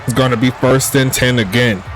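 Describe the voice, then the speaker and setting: A man calling a simulated football game play by play in a relaxed streaming style, joking with chat and rising on big plays. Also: mid-range voice, normal speed, soft background music. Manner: laid-back, laughs at jokey player names, excitable on big plays. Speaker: play-by-play commentator. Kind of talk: casual sim football commentary.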